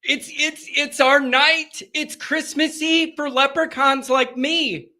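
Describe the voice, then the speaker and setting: A man hosting a live call-in show, chatting casually in an energetic, rambling, joking way from a green-screen set. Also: very high-pitched, slow pace.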